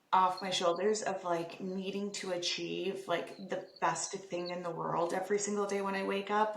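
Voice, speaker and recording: A woman's voice: fairly low pitch, creaky, roomy sound. A young adult woman hosting a casual podcast conversation, talking candidly and chattily with the odd swear word. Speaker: podcast host.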